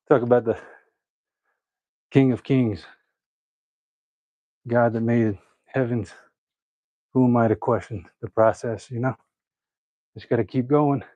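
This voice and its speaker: A man's voice: medium pitch, fairly even intonation, takes it slowly, pauses often, dark tone, dry recording, dull audio. A man chatting casually to viewers while he works out at home, joking, laughing often and counting his reps aloud. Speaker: fitness vlogger. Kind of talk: casual chat during a workout.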